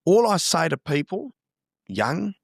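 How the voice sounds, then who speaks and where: A young man in his twenties speaks with earnest, heartfelt sincerity as an interview guest. His voice sits on the higher side for a man. The recording is dry and close, with no room sound. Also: big pitch swings, a little slow, vocal fry, breathy edge, dry recording. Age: 20s. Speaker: real estate agent guest. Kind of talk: casual interview chat.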